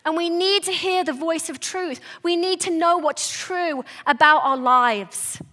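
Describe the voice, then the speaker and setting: A woman with a high, sharply bright voice delivers a sermon. She sounds to be in her thirties and talks to the congregation in an earnest, conversational way, pressing her points with emphasis. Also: unhurried. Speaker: preacher. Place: church service.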